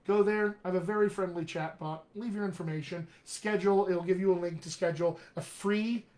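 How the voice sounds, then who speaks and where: A man's voice: high voice, fairly quick. Upbeat man coaching live with frequent check-ins. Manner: energetic, jokey, peppered with "all right?". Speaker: dialect coach. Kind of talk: live-streamed coaching talk. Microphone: webcam or computer mic on a live video stream.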